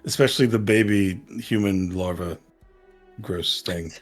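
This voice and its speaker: Young male player, low voice, playful. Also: measured pace, faint music behind. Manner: joking, self-mocking. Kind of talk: casual tabletop play.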